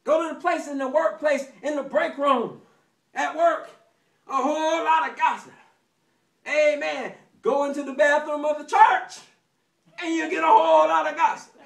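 High-voiced preacher in an echoey church. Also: male voice, steady tone, normal speed, creaky, a bit bright, recorded from a distance. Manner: folksy storytelling, acts out anecdotes with sound effects; call and response. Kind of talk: sermon. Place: church sanctuary.

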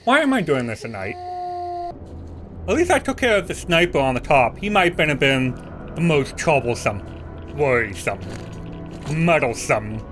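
A man giving casual, excitable commentary while playing a game, gasping, yelping and talking to the enemies on screen. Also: a little high, normal speed, pauses often, music in the background. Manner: excitable, gasps and yelps, talks to game enemies. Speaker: let's play gamer.

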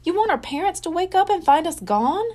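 A woman's voice: extremely high pitch, animated, a little fast, darkish tone, voice pushed up. A woman reading aloud and voicing a bold, bossy young girl who is eager to act.

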